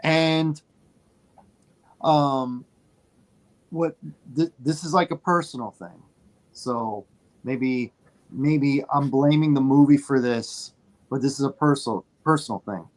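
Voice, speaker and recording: A man's voice: mid-range voice, slow, long pauses. A man co-hosting a laid-back movie podcast, talking in a mid-range voice. He tells his story with lots of energy. He hammers his points home by saying them twice. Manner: animated storyteller, repeats phrases for emphasis. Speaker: podcast co-host. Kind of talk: casual movie chat.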